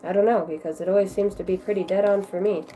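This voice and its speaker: A woman's voice: medium pitch, steady tone, fast talker, heavy background noise. Effusive, swearing woman tarot reader. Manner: chatty, effusive, swears freely. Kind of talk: casual livestream card reading.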